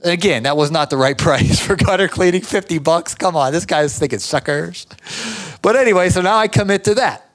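A man with a fairly high voice hosts a podcast, spinning a story in a loose, chatty way. He keeps acting out what others said, putting on their voices along the way. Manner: animated, acts out other people's lines. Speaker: podcast host. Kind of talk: casual storytelling.

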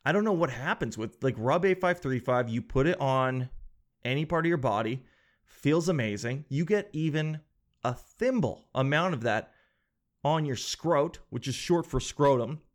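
A man's voice: mid-range voice, lively intonation, moderate pace. A man hosting a casual comedic monologue, rambling and sarcastic, swearing freely.

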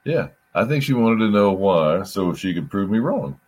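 Very deep-voiced man telling a story. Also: very animated, moderate pace, darkish tone, husky. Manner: rambling storyteller, repeats words, swears. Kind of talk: casual chat.

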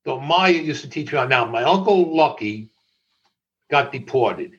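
An older man telling stories in an interview, animated, laughing often and swearing freely. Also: mid-range voice, measured pace, muffled recording. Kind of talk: storytelling in conversation.

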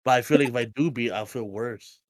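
A young man from Hawaii co-hosting a casual podcast, joking and swearing, often trailing off into low mumbles. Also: brisk, crowd noise. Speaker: podcast co-host.

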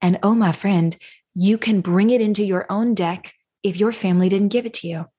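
A woman's voice: medium pitch, normal speed, mellow, husky. A woman hosting a parenting podcast, coaching listeners emphatically and acting out example phrases. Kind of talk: solo podcast teaching.

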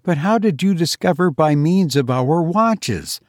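A shaken young gentleman, frightened and pleading, his voice pushed noticeably higher, as a man reading a storybook puts him on. He talks in a breathless, anxious rush, and the recording is dry and close with no room sound. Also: lively intonation, measured pace, dry recording. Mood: puzzled.

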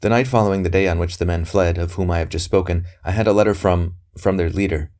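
A man's voice: low-pitched, steady tone, quick pace, a little mellow, lightly acted. A man reading aloud voices a young priest who speaks carefully and earnestly in a novel. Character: young earnest male priest, guarded courier. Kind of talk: audiobook character reading.

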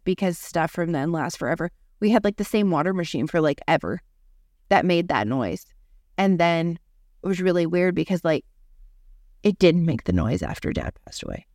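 Her fairly low, darkish voice has lively intonation and a moderate pace, recorded cleanly in a studio without room sound. Hosting a podcast, she chats through a personal story, leaning heavily on "like."

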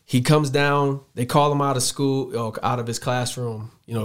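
Man from Chicago telling animated stories. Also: mid-range voice, normal speed. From Chicago, USA. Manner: animated storyteller who acts out quoted dialogue. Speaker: podcast guest, football coach. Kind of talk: casual storytelling interview.

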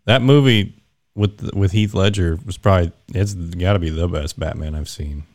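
A man's voice: sits low, moderate pace, a little mellow. A married man in the Air Force, a guest chatting easily on a podcast. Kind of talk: casual podcast chat.

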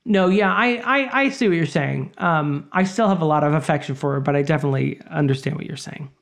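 A man's voice: a little high, fairly quick, gravelly. Chatty man talking movies. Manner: chatty, rambling with fillers. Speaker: podcast co-host. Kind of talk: casual movie discussion.

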